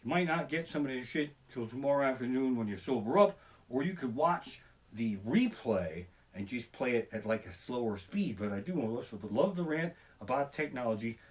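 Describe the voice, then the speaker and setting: A man ranting through a profane stand-up story, talking fast and jumping into panicked shouted voices. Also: mid-range voice, expressive. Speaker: comedian. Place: living room. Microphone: basic home streaming setup.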